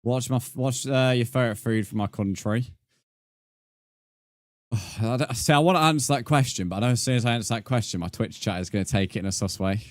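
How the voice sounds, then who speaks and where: Streaming a game, a young man chats with his viewers, reading their messages aloud and replying, with plenty of laughter. His medium-pitched voice moves fairly quickly, and the audio is clean, studio-like, with no room sound.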